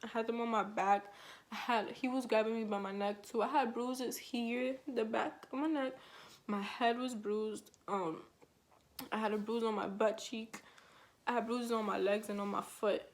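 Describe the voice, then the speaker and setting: A woman's voice: fairly high pitch, fairly even intonation, normal speed. A woman vlogger telling a storytime vlog in casual, slangy speech full of fillers, retelling it with emotion.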